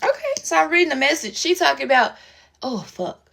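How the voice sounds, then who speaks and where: A woman's voice: sits high, a little fast, creaky. A woman, telling a profane, slang-filled story in a casual story-time chat and acting out everyone's lines. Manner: animated, profane, slangy storytelling with quoted voices.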